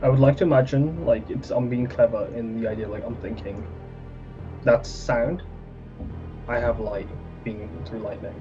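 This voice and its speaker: A man's voice: mid-range voice, fairly even intonation, moderate pace. Man thinking aloud as a player, muffled. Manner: hesitant, filler-heavy, thinking aloud. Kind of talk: casual tabletop role-playing. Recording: muffled audio with background music.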